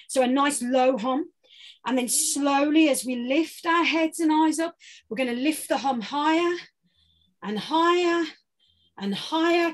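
A British woman leading a guided vocal warm-up workshop, giving playful, encouraging instructions. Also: sits high. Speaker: voice workshop leader.

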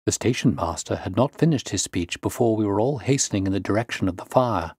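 Male storyteller, measured audiobook narration, low voice. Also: expressive, a little mellow, breathy edge, no room sound, studio quality.

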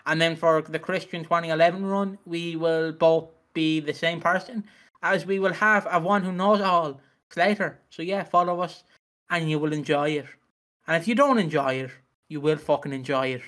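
A man's voice: on the high side, fairly even intonation, normal speed, fairly bright tone. A young man co-hosting a podcast in casual chat, ranting and swearing heavily. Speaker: podcast co-host.

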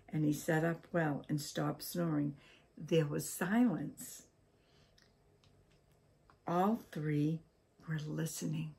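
An older woman from Maine reading a children's story aloud at a gentle, unhurried pace. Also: low voice, creaky, husky. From Maine, USA.

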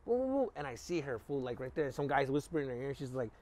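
A man telling a story in a casual podcast chat, animated and profane, acting out the people in it. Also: mid-range voice, racing, a crowd in the background. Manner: animated, profane, acts out voices in his story. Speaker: podcast guest.

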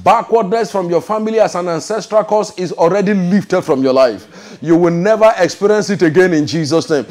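High-pitched emphatic male preacher. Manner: emphatic, repeats "ladies and gentlemen", asks the crowd if they follow; swings between fast rushes and slow drawn-out proclamations. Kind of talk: preaching sermon with prophetic declarations.

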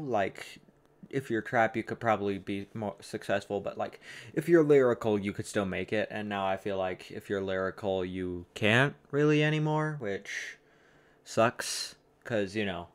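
A man with a fairly low voice speaks at a moderate pace while hosting a casual song reaction video. He talks hesitantly and rambles, often stopping to correct himself mid-sentence.

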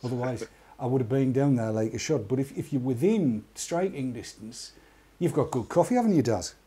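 A man's voice: medium pitch, lively intonation, moderate pace, warm tone, husky. An English man co-hosting an online talk show, chatting casually and reading a news story aloud with wry, jokey asides. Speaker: podcast co-host.

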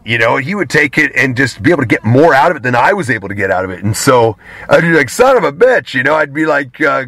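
A man's voice: medium pitch, pushed and bright, no echo. A man guesting on an interview show, talking candidly and rambling, with casual swearing. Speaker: guest, pro wrestler.

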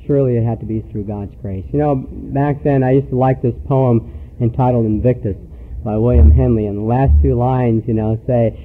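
A man giving a personal recovery talk to a meeting, telling stories earnestly with pauses. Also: medium pitch, fairly even intonation, slight background noise. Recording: tinny phone-like recording.

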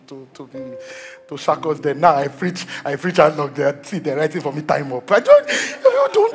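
A young Nigerian man, a pastor, telling a story in a sermon, joking with the congregation as he goes. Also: a little high. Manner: animated storytelling, jokes with the congregation.

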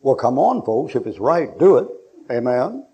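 A man's voice: medium pitch, sing-song, moderate pace, mellow, slightly rough. A man preaching a sermon in a church, blunt and mocking, joking with his congregation. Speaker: pastor.

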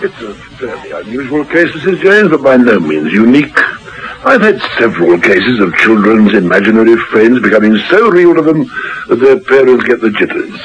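A man playing a kindly older family doctor in a dated radio drama, explaining things calmly and patiently. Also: medium pitch, moderate pace, a little hiss or hum, natural voice. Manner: calm, explanatory. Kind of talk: 1950s radio drama acting. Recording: dull old radio recording.

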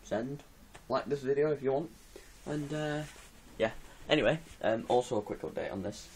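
A man's voice: medium pitch, normal speed, a little mellow, a little hiss or hum. A man vlogging in his bedroom in casual, rambling chat to camera, giggling often. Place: bedroom with music posters on the wall.

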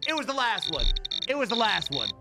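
A man streaming a video game, talking casually in an excitable, profane way with frequent laughter. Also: extremely high pitch, fairly quick, gravelly, loud music behind the voice. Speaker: gaming streamer. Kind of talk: casual gameplay commentary.

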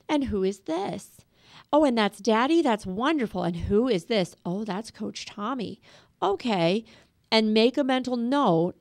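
A middle-aged woman giving a parenting class over a webcast, calm and practical, speaking straight to parents with advice. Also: mid-range voice, clean tone, dry recording, studio quality. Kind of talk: instructional webcast talk.

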